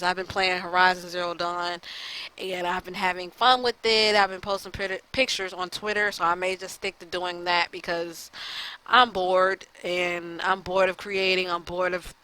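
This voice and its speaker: A woman with a lowish, forceful, bright voice rants to her viewers, fed up and upset. She talks bluntly and swears freely, stumbling over fillers as she vents. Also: smooth, poor audio. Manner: frustrated, blunt and profane, with many fillers. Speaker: gaming YouTuber. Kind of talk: casual rant to the camera.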